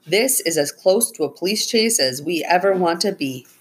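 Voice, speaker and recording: A woman's voice: lowish voice, animated, moderate pace, breathy edge. A woman voicing a worried father who speaks in an earnest, serious way.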